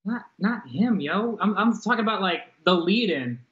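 A man's voice: high-pitched, expressive, normal speed, fairly bright tone, dull audio. A man cohosting a podcast remotely, teasing the others in laid-back casual chat. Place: remote, from another city.

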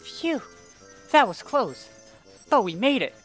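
A man voicing small cheerful creatures from a video game in a high squeaky put-on voice, reading their dialogue aloud. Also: big pitch swings, slow, a bit bright, faint music behind, full character voice. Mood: chirpy.

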